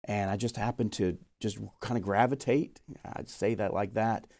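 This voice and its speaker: In a steady, slightly mellow tone, a young man with a fairly low voice tells his missionary calling story at normal speed. He's a guest in an interview sharing his testimony, earnest and storytelling, with the quotes acted out.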